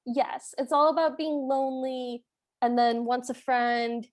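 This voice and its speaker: High-voiced woman podcast co-host. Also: steady tone, unhurried. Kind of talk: casual movie recap chat.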